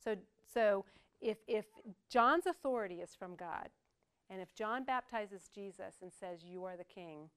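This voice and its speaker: A woman's voice: medium pitch, smooth. An older woman preaching a sermon in a conversational way, with joking asides to the congregation.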